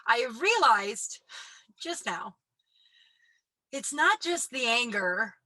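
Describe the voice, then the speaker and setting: A woman hosting her own show, talking casually and rambling, breathy and out of breath, recording in a small closet. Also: on the high side, sing-song, slow pace, bright, forceful tone, dry recording, poor audio. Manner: chatty, full of "like" fillers. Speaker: podcast host.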